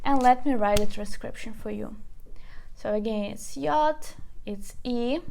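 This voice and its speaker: A woman with a Ukrainian accent gives a language lesson in a fairly high voice. She speaks very slowly and patiently and repeats each word so learners can follow. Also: vocal fry, warm tone, a little hiss or hum. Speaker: language teacher. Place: classroom with a whiteboard.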